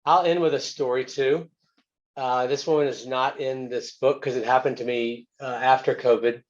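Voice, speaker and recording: A man's voice: medium pitch, fairly even intonation, normal speed. A man, a physician and guest author, telling a story from his work in an earnest, plain-spoken way. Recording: muffled, lo-fi webinar audio.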